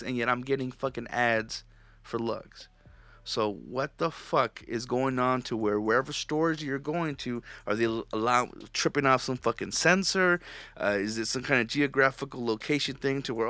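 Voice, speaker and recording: It's a solo podcast monologue: the host, a man, goes on a profane, rambling rant, loose and conversational and full of restarts. He speaks at normal speed in a mid-range voice with a bright, forceful tone, and there's no room sound.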